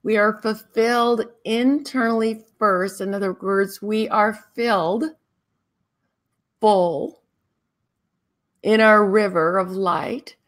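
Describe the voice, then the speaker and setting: A woman hosting a spiritual talk show, guiding listeners in a calm, drawn-out, meditative way. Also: medium pitch. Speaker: spiritual teacher and show host.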